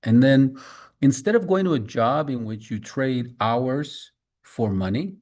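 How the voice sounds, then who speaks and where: A man's voice: medium pitch, animated, measured pace, darkish tone. A man giving a motivational business training talk, emphatic, repeating key points and speaking straight to his listeners.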